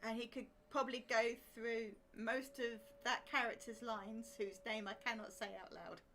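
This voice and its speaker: A playful woman co-hosting a live game stream, reading out viewer chat between gameplay. Her voice sits a little high. Faint noise lies under the recording. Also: steady tone, normal speed, fairly bright tone. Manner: playful, reads chat messages aloud. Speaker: stream co-host.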